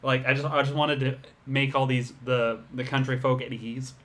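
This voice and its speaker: A man's voice: mid-range voice, little pitch movement, normal speed. A man from Oregon co-hosting a podcast, telling stories in an easygoing way and laughing along. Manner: bright, easygoing storyteller, laughs. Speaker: podcast co-host. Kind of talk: casual chat.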